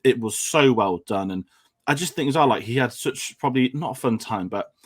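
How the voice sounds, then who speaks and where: A man's voice: medium pitch, animated, a little fast. An English man talks through a film in an easy, rambling way. He often restarts his sentences and piles on fillers as he works his way toward a point. His voice sits in a middle register. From England. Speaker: film discussion host. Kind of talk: casual film chat.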